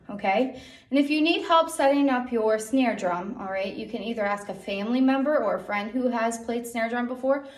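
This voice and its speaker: A young woman music teacher giving an online drum lesson for children, encouraging and checking in with a frequent "okay?". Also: on the high side. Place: music room. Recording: echoey room, drum hits.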